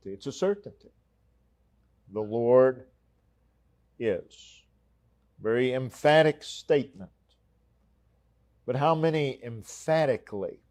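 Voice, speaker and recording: Slow, emphatic male preacher. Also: mid-range voice, darkish tone. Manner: slow, emphatic, repeating key phrases. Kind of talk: sermon. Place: church.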